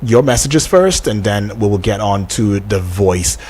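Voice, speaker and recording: A man's voice: lowish voice, expressive, a little slow, a little mellow, slightly rough. A man hosting a radio phone-in, talking unhurriedly with many fillers and reading out listener messages. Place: radio studio.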